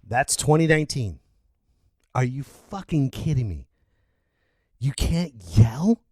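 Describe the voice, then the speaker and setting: A middle-aged man hosting a podcast, ranting incredulously and breaking into shouted outbursts. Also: mid-range voice, animated, slow, dry recording. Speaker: podcast host. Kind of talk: ranting monologue.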